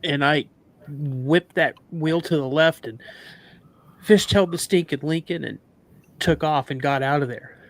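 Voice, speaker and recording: A man's voice: on the high side, a little slow. Intense man telling a frightening story. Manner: animated retelling with quoted dialogue, emotional. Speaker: guest. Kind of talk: emotional storytelling on a live show.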